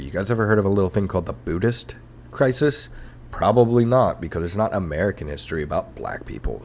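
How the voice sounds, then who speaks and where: A young adult man hosts a comedy history podcast in a casual, irreverent rant. His voice sits somewhat low, and he talks with dry sarcasm, frequent swearing and loose fillers. It sounds close-miked, like a home podcast setup. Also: gravelly, slight background noise. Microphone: headphones and podcast mic.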